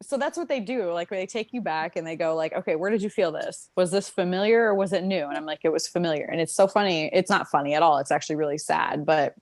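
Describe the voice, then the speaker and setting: Lower-voiced chatty woman, dry sound. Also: fast, hardly any pauses, no echo. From Minnesota, USA. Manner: animated, laughing storyteller, many "like" fillers. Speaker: podcast co-host. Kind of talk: casual chat.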